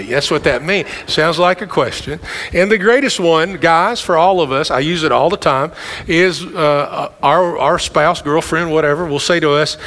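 A middle-aged male pastor delivers a sermon in a church sanctuary, his voice sitting a little higher than most men's. He talks conversationally and throws quick asides to the congregation. A long reverb trails behind his words. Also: a bit bright.

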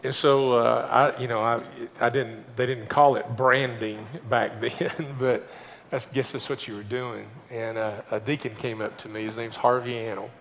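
A man's voice: mid-range voice, steady tone, moderate pace, creaky, a bit bright, in a large hall, a little hiss or hum. An older man, a pastor, preaching a conversational sermon, often repeating words as he starts a thought.

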